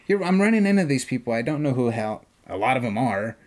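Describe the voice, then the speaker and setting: A man's voice: mid-range voice, fast talker. A man co-hosting a podcast, casually telling a long story and acting out what people said, with the odd swear word. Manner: animated retelling, acts out quoted voices, swears casually. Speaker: podcast co-host.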